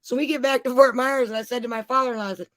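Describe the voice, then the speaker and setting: A woman's voice: fairly high pitch, fairly even intonation, rapid-fire, fairly bright tone, dry recording. Foul-mouthed woman telling road-trip stories. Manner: profane, rambling storyteller. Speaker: parent telling travel stories. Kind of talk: casual chat.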